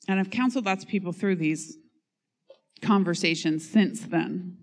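A woman's voice: lowish voice, measured pace. Conversational woman pastor preaching a sermon. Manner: conversational, self-mocking humor; reads scripture and acts out quotes.

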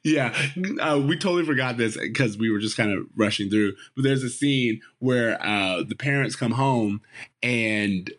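A man's voice: medium pitch, normal speed. Chatty man recapping a sitcom. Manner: laughs often, quotes characters in a lively voice. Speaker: podcast co-host. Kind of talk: casual chat recapping a sitcom episode.

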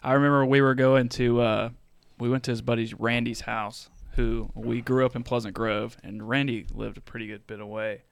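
Guy from co-hosting a podcast, gravelly but smooth voice, dry teasing humor. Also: medium pitch, level tone, normal speed. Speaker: podcast co-host. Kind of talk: casual chat.

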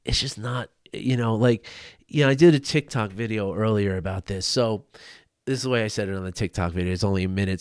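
A man talks straight into a desk microphone on his own podcast, earnest and a little rambling, stumbling over his words and circling back to them. His voice sits at an everyday middle pitch, and the room is dry and close with no echo. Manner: earnest, rambling, frequent restarts and repeated words. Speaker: podcast host. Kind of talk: casual solo talk on men's mental health. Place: home desk.

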